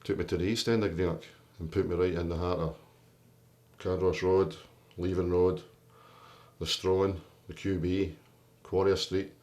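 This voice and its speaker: Deep-voiced man telling his story. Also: level tone, a little slow, long pauses, darkish tone. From Britain. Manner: candid, plain-spoken, with restarts. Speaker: documentary interviewee. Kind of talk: personal storytelling.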